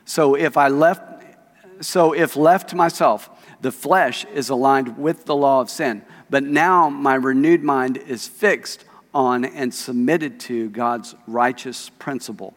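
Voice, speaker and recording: A man's voice: mid-range voice, slow pace. Man preaching in a reverberant church. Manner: conversational, reads scripture aloud and asks the congregation questions. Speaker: pastor. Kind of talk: sermon. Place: church sanctuary. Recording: long reverb of a church hall.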